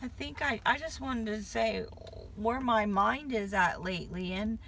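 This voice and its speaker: A woman's voice: a little high, unhurried, gravelly, fairly bright tone, slight background noise. A woman in her fifties from Connecticut with a light Southern drawl, chatting to camera in a rambling, hyper way that jumps from thought to thought. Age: 50s. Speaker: vlogger. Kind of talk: casual chat to camera.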